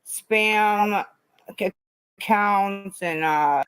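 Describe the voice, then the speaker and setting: A woman's voice: mid-range voice, very slow, a bit bright, smooth, no echo, low-quality recording. A woman chatting casually on a livestream, rambling, repeating herself and swearing freely. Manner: rambling, profane, repetitive.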